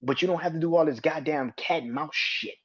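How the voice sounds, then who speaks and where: A man's voice: fairly high pitch, a little fast, lo-fi sound. A man hosting a solo wrestling podcast, ranting with heavy swearing and exasperated rhetorical questions. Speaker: podcast host.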